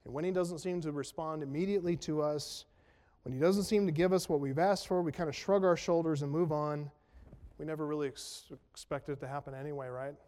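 A man's voice: a little high, steady tone, brisk, a little mellow. A man preaching a sermon in a conversational way, asking rhetorical questions and making self-deprecating jokes. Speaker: pastor. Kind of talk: expository sermon. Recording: long reverb of a large hall.

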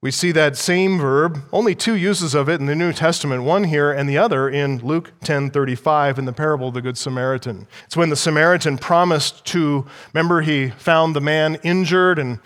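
A man with a somewhat high voice preaches an expository sermon from the pulpit. He speaks in a measured, emphatic way, repeating key phrases and putting rhetorical questions to the congregation. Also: fairly bright tone, clear, resonant tone, in a large hall. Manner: teaching, asks the listeners rhetorical questions. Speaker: pastor.

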